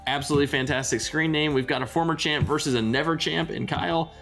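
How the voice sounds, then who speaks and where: A man co-hosting a podcast, chatting casually with teasing, deadpan asides. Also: on the high side, quick pace, creaky, faint music behind. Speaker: podcast co-host. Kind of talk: casual comedic banter.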